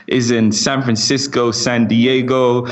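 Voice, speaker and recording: British male guest with a slight American lilt, talkative and quick to laugh. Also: mid-range voice, little pitch movement. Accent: British with slight American twang. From England. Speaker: guest, company CEO. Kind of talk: casual interview chat.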